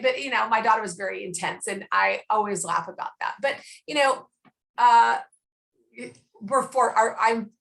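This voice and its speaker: A woman's voice: a little high, moderate pace, vocal fry. A middle-aged woman in casual conversation, telling stories about raising her children and acting out the lines of the people in them. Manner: animated storyteller who acts out quotes. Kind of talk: casual chat.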